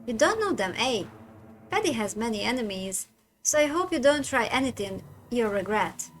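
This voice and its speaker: A woman reads a blunt male gang heavy from a story game, menacing and short with strangers. The threats come out plainly in a slightly high voice. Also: big pitch swings, normal speed, a little hiss or hum.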